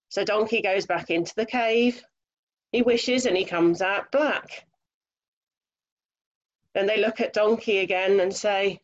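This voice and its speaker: A woman reading a children's story aloud over a video call, lively, expressive and chatty. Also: mid-range voice, a little slow, pauses often, dull audio.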